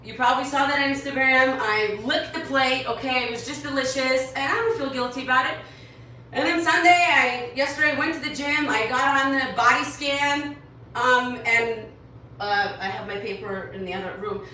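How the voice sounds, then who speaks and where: Fitness coach lady from new york, high bright voice, kinda rambly and earnest, mic far off in an echoey room. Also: steady tone, moderate pace, slight background noise. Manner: earnest, rambling, repeats herself. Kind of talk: casual talk to followers.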